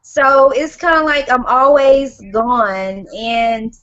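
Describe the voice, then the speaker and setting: A woman guest on a casual panel chat with a high voice. She talks hesitantly, hedging and filling pauses. The recording is dull and lo-fi. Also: fairly bright tone. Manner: hesitant, with many "um"s and hedges.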